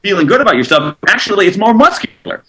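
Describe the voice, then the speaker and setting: A man being interviewed as an author, explaining research in an animated way and acting out quotes. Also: high voice, fast talker. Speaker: author guest.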